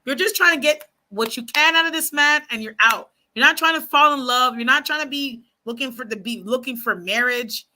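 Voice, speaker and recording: A woman's voice: sits high, fairly quick, hardly any pauses, slight background noise. A woman talking casually to her viewers, giving frank dating advice and telling stories with lots of asides. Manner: chatty, frank, animated storytelling with many asides; speaks to viewers as y'all and ladies. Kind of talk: casual advice chat to camera.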